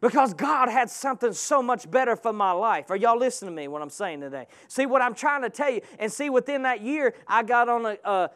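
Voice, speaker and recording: A man's voice: very high voice, lively intonation, brisk, few pauses, fairly bright tone. A man preaching a sermon with passion, calling out to his congregation. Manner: impassioned, calls out to the congregation.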